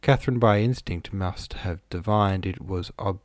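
A man narrating a classic novel in a steady, measured storytelling voice. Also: deep voice, no room sound, studio quality. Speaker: audiobook narrator. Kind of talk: scripted narration.

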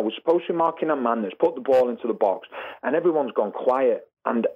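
Over phone-line quality audio, a male podcast guest who once played football tells dressing-room stories in a brisk, slightly rough voice. He's animated, voicing the people he quotes with a rising pitch as he spins his anecdotes.

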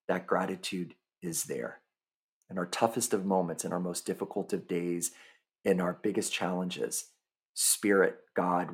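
Deep husky man hosting a podcast. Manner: earnest, speaks straight to the listener. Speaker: podcast host. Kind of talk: motivational podcast monologue.

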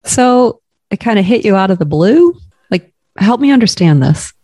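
A woman co-hosting a podcast, asking curious, gentle questions in casual conversation. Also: medium pitch, big pitch swings, normal speed, dry recording. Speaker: podcast co-host.

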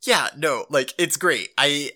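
A man co-hosting a podcast, recapping an episode in loose, animated casual chat and swearing freely. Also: a little high, takes it slowly. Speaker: podcast co-host.

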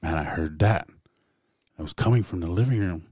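A man's voice: low-pitched, moderate pace, warm tone, slightly rough, no room sound, clean studio sound. A man casually telling a personal story to a group, laid back and full of "man" and "like". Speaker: guest storyteller.

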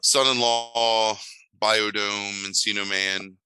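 A man's voice: on the low side, flat delivery, slow pace, pushed and bright, clean tone, dry recording, low-quality recording. A man co-hosting a casual movie podcast, talking in a dry, sardonic way with frequent ums. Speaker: podcast co-host.

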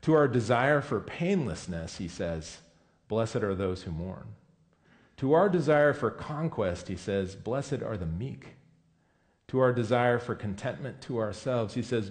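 A man's voice: mid-range voice, animated, unhurried, a little mellow. A man preaching a sermon in a conversational, emphatic way, often correcting himself mid-sentence. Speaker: pastor.

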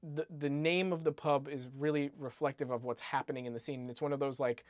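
Guy chatting about a book, kinda high voice, rambly and animated, dry close mic. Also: quick pace, no room sound. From United States. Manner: rambling, animated, frequent "like" and restarts, swears casually. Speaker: podcast co-host discussing a book. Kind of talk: casual chat.

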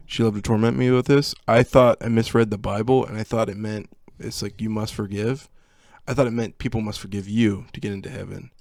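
A young man tells a funny childhood story on a podcast, laughing as he goes and acting out the lines of the people in it. His voice sits fairly low. The sound is dry and close to the mic. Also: brisk, vocal fry, few pauses, no echo. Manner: laughing, animated storyteller who acts out quotes. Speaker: podcast co-host. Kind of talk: casual storytelling chat.

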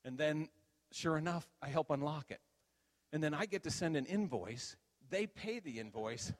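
An older man telling a playful, animated story as a sermon, acting out voices in the telling. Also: fairly high pitch, normal speed. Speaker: pastor. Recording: reverberant hall.

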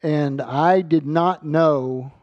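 A man's voice: on the high side, drawn-out words, a little mellow, no echo, highs cut off. A man giving an earnest sermon, reading scripture aloud and often repeating words as he finds his thought. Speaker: Bible teacher.

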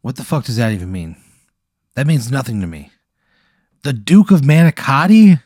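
A man co-hosting a podcast, reacting in deadpan, exasperated, swearing banter. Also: medium pitch, normal speed, dry recording, studio quality. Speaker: podcast co-host. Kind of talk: casual comedic banter.

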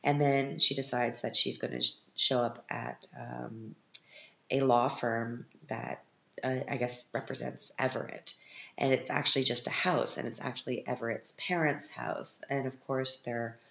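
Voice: mid-range voice, steady tone, measured pace, vocal fry, bright, forceful tone, roomy sound, dull audio. A podcast host giving a casual, sarcastic recap of a film, sounding exasperated with it.

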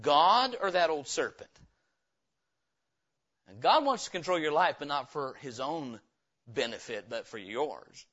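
A pastor preaches with a high, ringing voice in a church. He is emphatic and keeps turning his points into questions for the congregation. The recording sounds dull and lo-fi. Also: expressive, measured pace, pauses often, fairly bright tone. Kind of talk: revival sermon. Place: church sanctuary.

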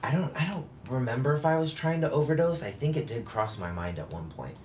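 A man's voice: medium pitch, expressive, fairly quick, a little mellow, slight background noise. A man in a candid, casual conversation, telling a long personal story with frequent fillers and self-corrections. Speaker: guest telling his story.

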